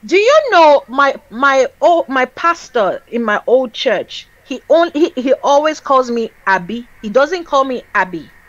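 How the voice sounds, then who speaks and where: Animated Nigerian woman, high, muffled. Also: unhurried, few pauses, dry recording. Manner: animated, laughs often. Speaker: co-host. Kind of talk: casual discussion.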